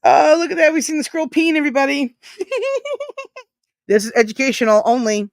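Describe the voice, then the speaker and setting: A woman's voice: high-pitched, a little fast, no room sound. A woman co-hosting a livestream in loose, profane, jokey chat. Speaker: livestream co-host.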